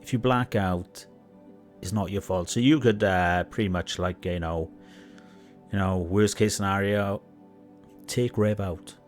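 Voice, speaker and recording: Faint music plays behind a low-pitched male voice with fairly even intonation, unhurried and pausing often. He's sarcastically commenting on online drama on a livestream, speaking directly to the person in the clips as he mocks and lectures them.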